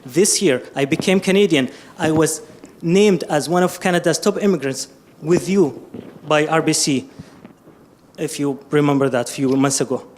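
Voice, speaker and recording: A man from Syria asking an emotional, halting question from the floor of a public lecture, pleading for help. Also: on the high side, darkish tone, slight background noise. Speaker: audience member asking a question. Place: lecture hall.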